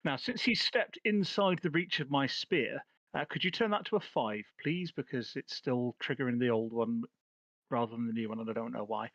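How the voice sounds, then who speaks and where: A man playing in an online tabletop game, dry and wry, pausing with fillers as he decides his moves. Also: medium pitch, a bit bright, no echo, muffled recording. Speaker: player.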